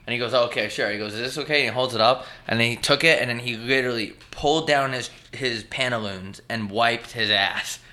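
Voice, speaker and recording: A man's voice: medium pitch, a little fast, hardly any pauses, bright, forceful tone. A man hosting a comedy podcast in casual banter, ranting with plenty of swearing and exaggerated outbursts. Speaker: podcast host.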